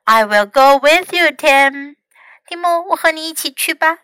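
A woman's voice: high-pitched, expressive, normal speed, sharp tone, dry recording, voice pushed up. A woman playing a timid animal friend. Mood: eager. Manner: fretful, anxious pleading.

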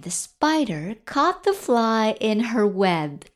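Woman storyteller for kids, very unhurried, playful picture-book read-aloud. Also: fairly high pitch, animated. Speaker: picture-book reader for children.

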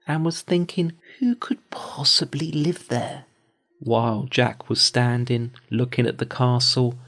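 An older man reading a bedtime fairy tale aloud in a calm, measured way. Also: medium pitch, vocal fry. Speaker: storyteller.

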